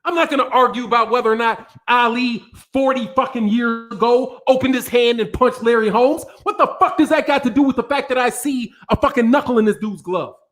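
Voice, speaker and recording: A man with a strikingly high-pitched voice vents angrily to his live viewers. He is loudly profane and circles back to the same points again and again, as if he is arguing with the whole room. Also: fairly quick, hardly any pauses. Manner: angry, profane, repetitive. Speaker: boxing channel host. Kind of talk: profane ranting commentary to a live audience.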